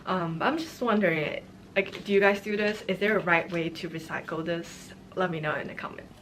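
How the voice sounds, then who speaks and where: A woman chatting casually to her viewers in a relaxed way, with fillers. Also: lowish voice, a little fast, slight background noise. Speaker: home vlogger.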